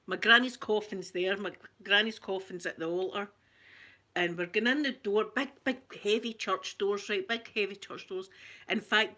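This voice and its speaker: A Scottish woman hosting her channel, telling a story in an animated, chatty way that keeps breaking into laughter. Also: medium pitch. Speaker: ASMR channel host. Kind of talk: casual storytelling.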